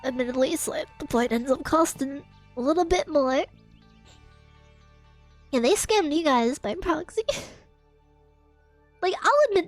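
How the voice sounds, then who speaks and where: Young Australian woman streamer with a very high voice, emotional laughing storyteller, soft music bed. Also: expressive, moderate pace, pauses often, dry recording. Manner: laughs often, swears, emotional and breathless retelling. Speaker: VTuber streamer. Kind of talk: casual storytelling rant to chat.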